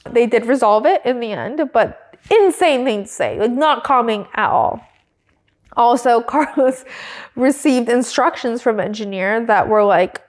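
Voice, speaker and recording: A woman's voice: a little high, normal speed. A woman co-hosting a podcast, recapping in a casual, chatty way and filling her talk with "like", now and then giggling. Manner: chatty, peppered with "like", breaks into giggles. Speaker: podcast co-host.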